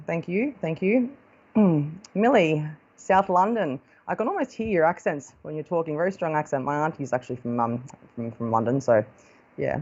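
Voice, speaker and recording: A woman's voice: sits low, darkish tone. Chatty Australian woman, lo-fi stream audio. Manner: chatty and affectionate, calls viewers darling. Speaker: psychic medium hosting a live stream. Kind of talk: casual live-stream chat greeting viewers.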